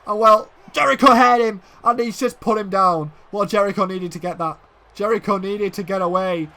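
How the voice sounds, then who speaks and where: A high-voiced man calls a wrestling video game play by play, his tone bright and edged with gravelly fry. He drops to low murmurs between moves and bursts into shouted exclamations at the big ones. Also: steady tone, moderate pace. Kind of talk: excitable play-by-play commentary.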